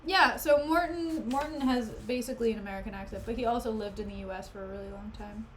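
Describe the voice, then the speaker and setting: A woman's voice: on the high side, fast, a little hiss or hum. A woman streamer chatting casually and jokingly as she reads a play aloud, often wandering off topic. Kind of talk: casual chat while reading a play aloud.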